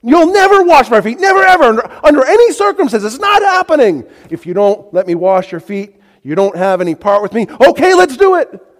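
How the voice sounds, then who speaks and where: A man voicing a stubborn adult male disciple who protests loudly and emphatically in a raised voice. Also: fairly even intonation, brisk, few pauses, long reverb tail, close to an everyday voice. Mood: insistent. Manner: emphatic, loud, raised pitch.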